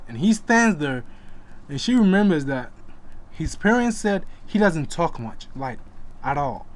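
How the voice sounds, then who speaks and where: A man's voice: a little high, lively intonation, a little slow. Chatty man narrating a comic. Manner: chatty asides to the listener. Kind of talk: casual comic retelling.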